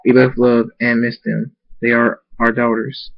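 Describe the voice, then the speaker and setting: A man voicing a devoted father stallion who speaks softly and earnestly. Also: mid-range voice, monotone, a little slow, vocal fry, muffled recording.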